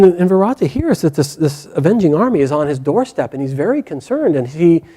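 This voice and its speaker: A man retelling an epic story aloud in a lively, animated way, with casual fillers. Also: a little high. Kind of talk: oral storytelling.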